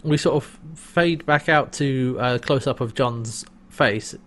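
A man's voice: medium pitch, takes it slowly, fairly bright tone. A man co-hosting a podcast, casually retelling a TV episode scene by scene, with quoted lines and laughter. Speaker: podcast co-host recapping an episode. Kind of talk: casual chat.

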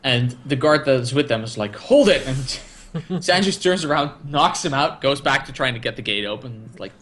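A man's voice: mid-range voice, brisk, fairly bright tone, a little hiss or hum. A man in casual chat, recapping a TV episode with a co-host, enthusiastic and acting out the characters' lines. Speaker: podcast co-host.

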